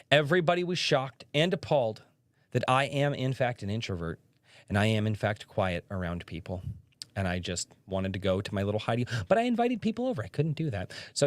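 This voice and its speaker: A young man hosts a relaxed livestream, chatting and spinning stories between reading viewer comments. His voice sits at an ordinary middle pitch. The sound is close and dry, with no room echo. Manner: chatty storyteller, reads chat aloud. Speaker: livestream podcast host. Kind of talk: casual livestream chat.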